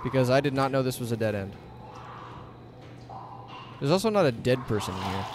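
A man giving sarcastic let's play commentary, swearing often and loudly mocking the monster in a high, shouting voice. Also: big pitch swings, brisk, background noise. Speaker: gaming commentator. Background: game music.

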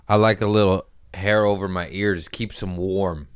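Rambling, low-voiced comedian cracking himself up. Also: male voice, fairly even intonation, measured pace, few pauses, smooth, no room sound, clean studio sound. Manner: rambling, self-mocking, cusses freely. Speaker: comedian and podcast host. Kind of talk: loose comedic podcast intro.

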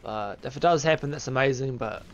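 A man's voice: mid-range voice, a little fast, dull audio, slight background noise. A man giving casual live commentary while streaming a game, chatty and upbeat, buzzing from coffee. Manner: chatty, upbeat, addresses viewers as fellas. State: caffeinated and buzzing. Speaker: gaming streamer.

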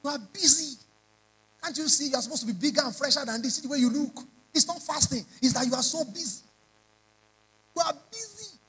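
A man's voice: very high voice, very fast, bright, forceful tone, slightly rough, poor audio. A man preaching a sermon, emphatic and repeating lines in rising prayer chants. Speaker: pastor.

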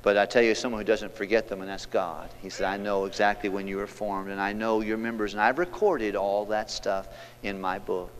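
Preaching in a church sanctuary, a pastor reads scripture aloud and leads the congregation, shifting between loud preaching and hushed moments. His voice is fairly low and brisk, carried by a long hall reverb.

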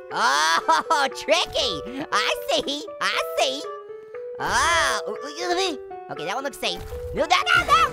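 A man voicing a wisecracking male cartoon orange who plays a game, cracking puns and giggling nonstop in a squeaky, high voice. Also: creaky, exaggerated voice. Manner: nonstop puns and cackling laughter. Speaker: gaming host. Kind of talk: gaming commentary.

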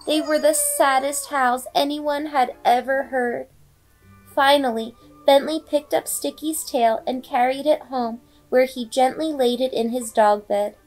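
A woman reading a children's bedtime story aloud with expressive, dramatic storybook delivery. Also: sits high, measured pace. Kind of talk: bedtime read-aloud narration. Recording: faint background music.

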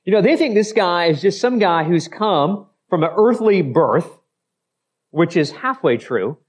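Lively, animated male pastor preaching. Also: high-pitched, measured pace. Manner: expository preaching, acts out the crowd's skeptical voices; repeats phrases, self-corrects mid-sentence. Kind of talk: sermon.

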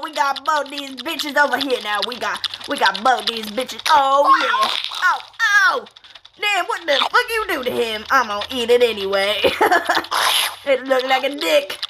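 Gravelly cackling woman narrating gameplay. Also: sits high. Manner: cackling, crude, mock-tough "daddy" banter. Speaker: let's play gamer. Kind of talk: crude comedic gameplay commentary. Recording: noisy, with mouse clicks.

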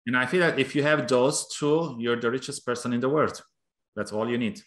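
A man hosting an interview, asking questions and warmly affirming his guest with short replies. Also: mid-range voice, fairly quick, roomy sound. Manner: warm, affirming, many short yeahs. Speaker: host. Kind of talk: interview conversation.

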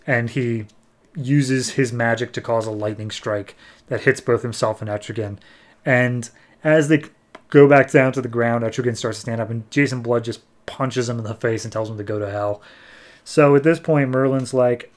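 A young man hosting a podcast, casually retelling a comic story and briefly voicing the characters' lines. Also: mid-range voice. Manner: animated, slips into quick character voices when retelling dialogue. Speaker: podcast host.

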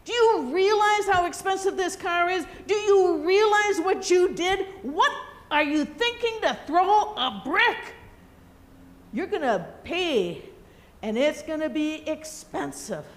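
Indignant young businessman, high and shouting, voiced by a woman. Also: lively intonation, slow pace, roomy sound, long reverb tail, exaggerated voice. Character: angry young male businessman scolding a child.

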